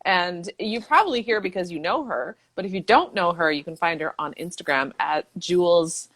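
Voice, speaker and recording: A woman host with a fairly low voice that swoops lively up and down. She speaks playfully and affirmingly from home over a video call. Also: moderate pace. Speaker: podcast host, book coach. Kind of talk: casual interview conversation. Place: home in Brooklyn.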